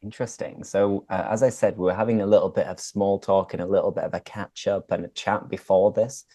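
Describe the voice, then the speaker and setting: A man's voice: low voice, steady tone, fairly quick, warm tone, no room sound, clean studio sound. A British man hosting a casual chat for English learners, upbeat and explaining idioms as he goes. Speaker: host and English teacher.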